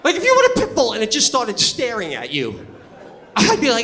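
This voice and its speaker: Stand-up comic, man, high bright voice, loud animated storyteller, faint room noise. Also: moderate pace, long pauses, big-room sound. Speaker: stand-up comedian. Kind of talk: stand-up comedy. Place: comedy stage before a live audience.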